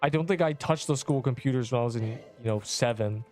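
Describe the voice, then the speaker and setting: A man's voice: mid-range voice, fast, a little mellow, soft background music. A man in his twenties streaming a game, chatting casually with viewers in a rambling, offhand, slangy way. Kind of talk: casual livestream chat answering viewers.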